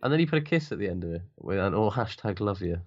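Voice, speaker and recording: A man's voice: on the low side, lively intonation, fast talker, darkish tone, muffled recording. A middle-aged man, co-hosting a podcast in sweary, grumbling casual banter. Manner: sweary, laughs often, dry grumbling. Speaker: podcast co-host.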